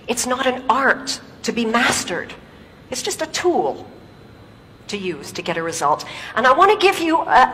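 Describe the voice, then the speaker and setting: A woman's voice: a little high, a bit bright, long reverb tail, a little hiss or hum, low-quality recording. A woman giving a stage talk in her native English, telling stories and asking the audience rhetorical questions. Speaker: public speaker.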